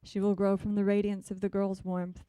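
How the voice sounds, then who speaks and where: A woman poet reading her poems in a measured, deliberate way, with soft, hesitant asides between them. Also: mid-range voice, completely flat delivery, clean tone, dry recording. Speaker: visiting poet. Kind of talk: poetry reading.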